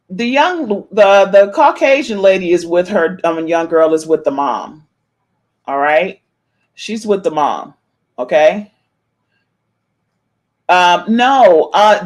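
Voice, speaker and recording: A middle-aged woman hosting a podcast, giving chatty, animated celebrity gossip commentary and playfully meowing her catchphrase. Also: medium pitch. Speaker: podcast host.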